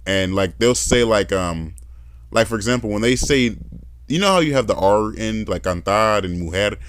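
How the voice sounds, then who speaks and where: Lively young man telling stories. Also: on the low side, normal speed, smooth. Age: young adult. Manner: animated storyteller, imitates accents. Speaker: podcast host. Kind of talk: casual conversation.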